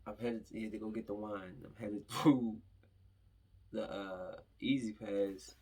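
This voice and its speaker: A man's voice: fairly low pitch, steady tone, slow, darkish tone, husky. A young man hosting his own podcast, telling a long, rambling story full of fillers and asides. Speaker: podcast host. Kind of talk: casual storytelling monologue.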